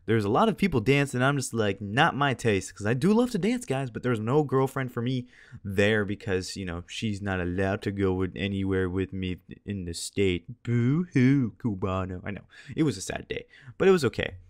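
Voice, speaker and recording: A man's voice: on the low side, lively intonation, brisk, no echo, clean studio sound. A teenage boy chatting casually over gameplay as a video commentator, tired and a little scratchy-voiced, rambling along and laughing at himself. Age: teens.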